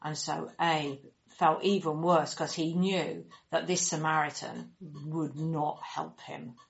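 A woman telling a children's story in an animated, expressive way, acting out the characters and making sound effects. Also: sits low, takes it slowly, vocal fry. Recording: dull lo-fi recording.

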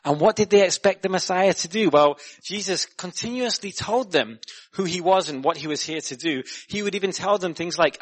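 A young man preaching a sermon in a chatty, animated way, repeating words and putting questions to the listeners. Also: a little high, brisk. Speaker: guest preacher.

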